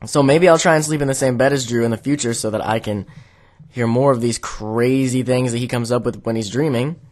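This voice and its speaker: A young man chatting casually to his viewers, meandering through a story and leaning on "like" as filler. He sounds relaxed and easygoing. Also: medium pitch, fairly quick. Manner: rambling, many "like" fillers. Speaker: vlogger.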